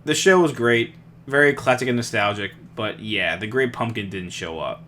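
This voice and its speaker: A man's voice: mid-range voice, normal speed, sharp tone, slight background noise. A young man co-hosting a podcast in casual chat, rambling with restarts and frequent laughs. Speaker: podcast co-host.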